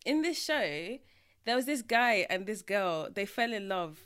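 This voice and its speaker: A woman co-hosting a podcast, chatting casually with expressive retelling and frequent laughs. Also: medium pitch, unhurried, smooth. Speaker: podcast co-host. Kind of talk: casual chat.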